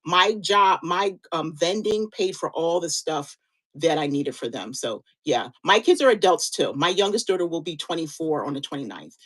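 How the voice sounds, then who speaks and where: A woman's voice: sits low, animated, normal speed, rough recording. A woman in her fifties co-hosting a live-stream sale, chatting in an encouraging, motivational way and often restarting her sentences. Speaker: live-stream seller and co-host.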